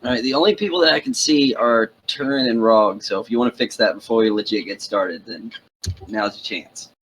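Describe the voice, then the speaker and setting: A man's voice: lowish voice, brisk, fairly bright tone, husky, low-quality recording. A man who is still sick, hosting a casual online game chat over a computer mic and joking around. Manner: joking, rambling. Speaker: streamer hosting the session.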